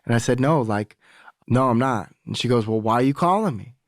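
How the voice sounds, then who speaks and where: A man's voice: mid-range voice, animated, a little fast, no echo, clean studio sound. A young adult man, a podcast guest, telling a candid personal story in casual talk, swearing freely and acting out the voices of people he quotes.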